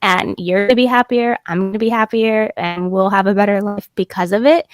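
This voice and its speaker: A woman's voice: mid-range voice, brisk, smooth, dry recording, studio quality. A young woman guest on a live stream, talking earnestly about her own life, with lots of fillers. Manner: earnest, personal, with many fillers. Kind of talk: casual live stream chat.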